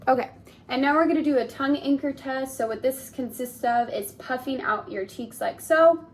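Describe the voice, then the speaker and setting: Speaking at a normal speed in a voice that sits high, a young speech therapy student conducts a clinical exam. She gives polite, encouraging instructions one step at a time and often says "awesome."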